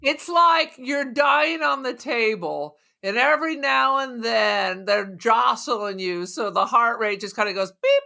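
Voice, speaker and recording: A woman's voice: a little high, unhurried, vocal fry, few pauses, pushed and bright. A woman co-hosting a podcast in casual chat, sarcastic and blunt as she riffs on a movie. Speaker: podcast co-host.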